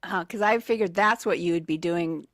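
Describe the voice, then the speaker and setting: A woman's voice: lowish voice, moderate pace, fairly bright tone, no echo. A woman co-hosting a morning radio show, playfully reading out trivia clues and giggling with her partner at a studio microphone.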